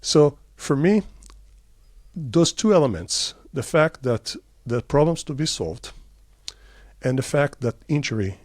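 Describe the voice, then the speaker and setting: Speaking at medium pitch, an Israeli startup CEO in middle age tells lively stories in response to interview questions. He delivers them in quick bursts packed with filler words. The sound is dry and clean, as from a studio.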